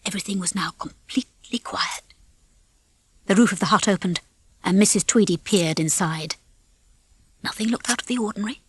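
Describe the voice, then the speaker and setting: A woman reading a children's storybook aloud as narrator, in a lively, expressive way on a close mic. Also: mid-range voice, moderate pace, long pauses, breathy edge. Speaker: audiobook reader. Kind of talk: scripted narration.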